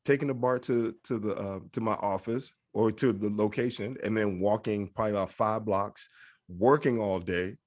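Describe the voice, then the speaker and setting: Middle-aged man, low-pitched, easygoing podcast co-host. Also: moderate pace, a little mellow. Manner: laid-back, swears casually, says "right?" a lot. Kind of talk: casual chat.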